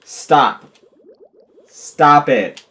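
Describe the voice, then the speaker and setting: A man giving casual, goofy commentary over a game, talking to and yelling at his virtual pets. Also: fairly high pitch, drawn-out words. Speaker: gameplay commentator.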